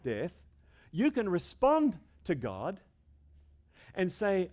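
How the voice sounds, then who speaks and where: A middle-aged man preaching a sermon, swinging between loud emphasis and hushed asides, with restarts and rhetorical questions. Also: high voice, huge pitch swings, takes it slowly, pauses often. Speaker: pastor.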